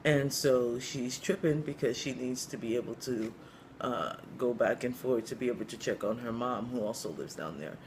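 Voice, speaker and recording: A man telling a long story joke in a casual, rambling way, with lots of you-knows and pauses. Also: medium pitch, a little hiss or hum. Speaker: comedian storyteller.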